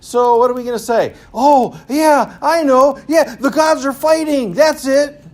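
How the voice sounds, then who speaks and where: A man's voice: extremely high pitch, very animated, slow, voice pushed up, heavily acted. A man putting on the voice of a frightened primitive man who blames the gods for lightning, in a mocking, panicky caricature.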